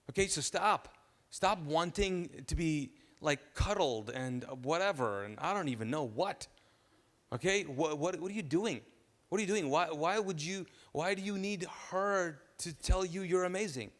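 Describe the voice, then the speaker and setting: A fairly high-voiced man preaching from a church stage, animated and repetitive, slipping in and out of quoted voices as he makes his points. His voice rings out with a long reverb through a large hall. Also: brisk. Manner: animated, repeats phrases, acts out quoted voices. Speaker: pastor. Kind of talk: sermon. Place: church auditorium.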